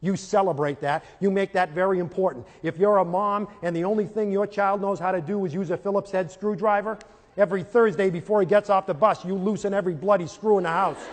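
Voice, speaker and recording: Man, middle-aged, high voice, live lecture, animated storyteller, acts out scenes, long hall reverb. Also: a little fast. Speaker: speaker on parenting and teaching.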